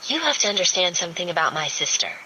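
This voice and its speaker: A woman's voice: lowish voice, very animated, fast talker, a little hiss or hum, exaggerated voice, poor audio. A woman voicing a brash, sardonic young redheaded woman who gripes sharply. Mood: exasperated. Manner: sharp, exasperated griping.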